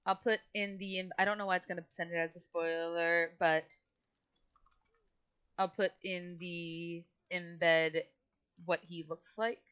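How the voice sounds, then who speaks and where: A woman narrating as game master in a casual, halting way with many fillers. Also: lowish voice, little pitch movement, fairly bright tone, clean tone, dull audio.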